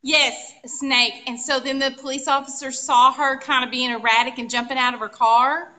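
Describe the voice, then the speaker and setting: A woman, co-hosting a live furniture painting show and telling animated, exclamatory stories full of sound effects. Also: high-pitched, a little fast. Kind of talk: casual storytelling chat.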